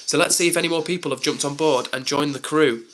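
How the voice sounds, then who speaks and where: A man's voice: fairly high pitch, fast, fairly bright tone, slight background noise. A young man on a live stream, chatting casually and reading out comments with lots of "like" and "um".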